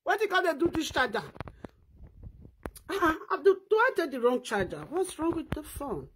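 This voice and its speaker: A woman's voice: high voice, very animated, normal speed, a little hiss or hum. A woman with a Nigerian accent doing a comic skit, fake-crying, wailing and laughing in Pidgin English. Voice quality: loud wailing and laughing, sing-song fake sobbing.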